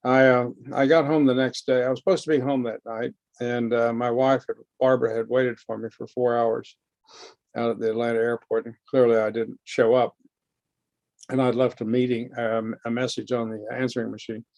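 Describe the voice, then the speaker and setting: Guy giving a recovery talk, gravelly, slow and halting, sounds dry and close. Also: medium pitch, flat delivery, a little mellow, no room sound, muffled recording. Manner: slow, halting, heartfelt storytelling. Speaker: guest speaker. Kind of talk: personal recovery testimony. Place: lecture hall.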